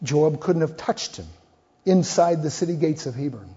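Older male preacher, animated storyteller; warm, husky tone, slightly dull recording. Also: a little high, moderate pace. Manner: animated retelling, acting out dialogue. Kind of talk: sermon storytelling. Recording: muffled lo-fi sound.

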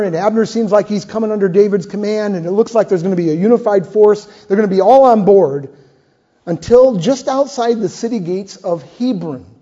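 Older male preacher, animated storyteller; warm, husky tone, slightly dull recording. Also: sits high. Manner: animated retelling, acting out dialogue. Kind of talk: sermon storytelling. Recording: muffled lo-fi sound.

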